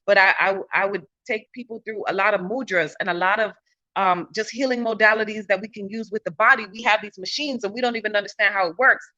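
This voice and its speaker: A woman in casual spiritual storytelling, animated and slangy, swearing freely. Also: medium pitch, fast, dull audio.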